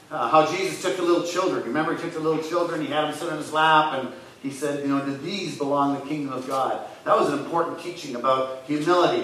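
A man preaching as a church pastor, earnest and rising loud when he retells scripture scenes. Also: fairly high pitch, a little hiss or hum. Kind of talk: sermon. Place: church sanctuary. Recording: echoey church hall from far off.

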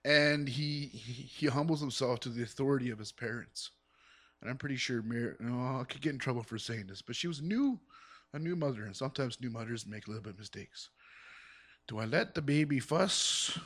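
A man speaks in an earnest, rambling way as he gives his testimony to a church. He pads his thoughts with fillers and restarts, then lifts into sudden excited bursts. His pitch sits in an ordinary middle range. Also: brisk. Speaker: church member giving testimony. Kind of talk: spoken testimony.

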